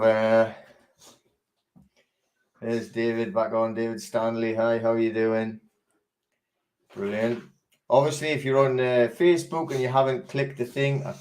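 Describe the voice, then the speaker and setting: Chatty, rambling English host. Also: male voice, lowish voice, darkish tone. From England. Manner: rambling, chatty, many fillers and restarts. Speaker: host of a live online chat. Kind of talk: casual live-stream chat.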